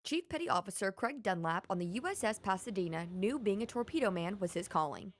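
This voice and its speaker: A woman reporter narrating a televised news feature. Her delivery is measured and clear, at an ordinary middle pitch, read from a script. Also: animated.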